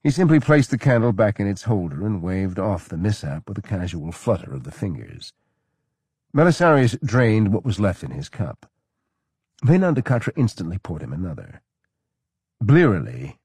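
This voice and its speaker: A man narrates a historical novel in a measured, steady way. His voice is very low and husky but moves lively through its pitch, recorded dry and close. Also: dry recording. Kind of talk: audiobook narration.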